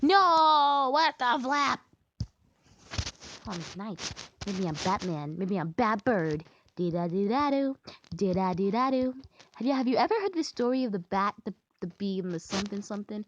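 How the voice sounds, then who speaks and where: A woman's voice: mid-range voice, animated, fairly quick, lo-fi sound, slight background noise. A young woman chatting casually while she plays a game, singing made-up songs and breaking into sudden frustrated squeals. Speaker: gaming vlogger.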